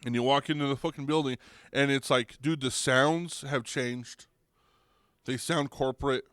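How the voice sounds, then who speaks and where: A young man hosting a podcast, ranting comedically with lots of swearing and restarts, getting louder and higher when worked up. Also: steady tone, normal speed, smooth, no room sound. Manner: rambling, profane, restarts, goes loud and high when riled. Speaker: podcast host. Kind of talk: comedic rant.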